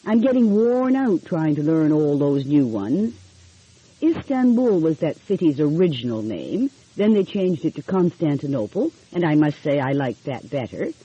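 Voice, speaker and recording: A woman's voice: low voice, sing-song, a little slow, warm tone, breathy edge, dry recording, muffled recording, exaggerated voice. A woman voicing a fussy, chatty older housekeeper who grumbles in exasperation. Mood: grumbling.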